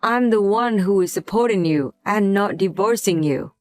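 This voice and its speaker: A woman's voice: medium pitch, expressive, normal speed, darkish tone, no echo, close to an everyday voice. A woman voicing a resentful adult husband who talks in a curt, contemptuous way in a scripted drama.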